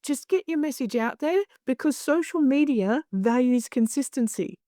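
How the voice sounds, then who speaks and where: A woman guest talking candidly in an interview, blunt and animated, swearing freely as she tells stories. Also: high voice, moderate pace, no room sound, clean studio sound. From Australia. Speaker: guest, clinical hypnosis director.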